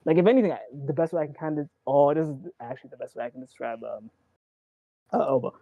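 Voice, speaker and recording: A man in casual chat about wrestling, rambling and excitable, acting out quotes and swearing. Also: on the high side, fast, creaky, no echo, dull audio. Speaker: wrestling show co-host.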